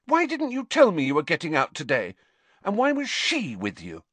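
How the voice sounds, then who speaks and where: A man's voice: fairly high pitch, wildly swooping pitch, normal speed, a bit bright, dry recording, voice pushed up, exaggerated voice. A man reading an audiobook, voicing a jealous teenage girl who sounds accusing. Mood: indignant. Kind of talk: audiobook character voice.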